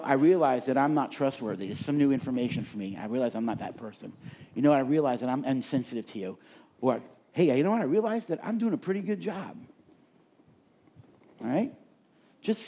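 At a live leadership seminar, a middle-aged man tells stories and puts questions to the audience in a conversational style. His voice is on the high side with a darkish tone, and the audio sounds dull.

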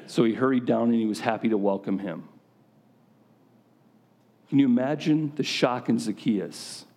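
A man's voice: medium pitch, normal speed, darkish tone. A man preaching a sermon to a gathering of men in a conversational style, often putting questions directly to his listeners.

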